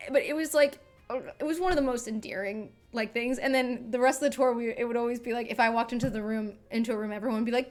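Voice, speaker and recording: A woman's voice: on the high side, steady tone, quick pace, soft background music. Chatty young woman rambling at a desk mic. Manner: rambling, chatty, heavy filler words. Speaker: singer and streamer. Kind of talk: casual chat on a live stream. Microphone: desk microphone.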